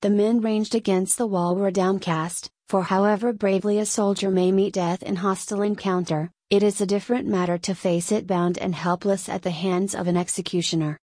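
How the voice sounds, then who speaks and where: A woman reading a story aloud as an audiobook narrator, in an even, measured way into a close mic. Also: medium pitch, no echo. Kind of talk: scripted narration.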